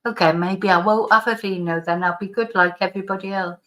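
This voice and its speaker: A woman's voice: mid-range voice, steady tone, fairly quick, fairly bright tone. A middle-aged woman with a slight lingering cough, hosting a live stream in rambling, casual chat as she reads out viewer comments. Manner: rambling, chatty, with frequent restarts and laughs.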